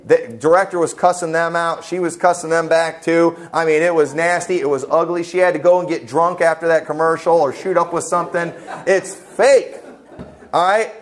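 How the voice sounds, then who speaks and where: A man's voice: fairly high pitch, fairly even intonation, fairly quick, few pauses. A man preaching a sermon as pastor, emphatic and folksy, full of rhetorical questions, in a church. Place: church sanctuary.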